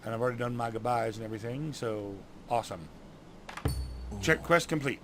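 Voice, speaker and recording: A man's voice: medium pitch, a little fast, background noise. A man in a casual, easygoing chat about his gameplay, with dry self-deprecating jokes. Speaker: gameplay narrator.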